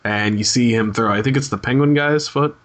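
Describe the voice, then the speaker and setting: Bright-voiced man, dry quips. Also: medium pitch, a little fast. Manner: dry quips and frequent short affirmations. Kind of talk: casual chat.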